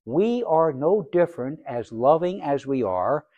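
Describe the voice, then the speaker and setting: A pastor delivers his sermon in a voice pitched a bit high for a man, recorded dry and close. He leans on rhetorical questions and acts out little scenes. He drops to near quiet, then climbs back up to loud. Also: sing-song, unhurried, no room sound, muffled recording. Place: church sanctuary.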